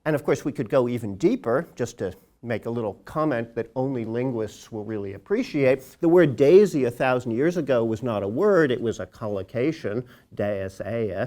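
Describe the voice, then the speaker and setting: Guy lecturing in a room, wry, wanders off on tangents, mid-pitched voice. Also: animated, normal speed, hardly any pauses, dark tone. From United States. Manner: wry, digressive, emphatic. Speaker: guest lecturer, linguist. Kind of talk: academic lecture.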